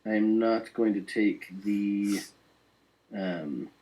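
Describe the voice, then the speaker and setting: A man playing a tabletop game, taking his turns in a deliberate, measured way. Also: fairly low pitch, dark tone, low-quality recording. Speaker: player. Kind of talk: casual tabletop game chat.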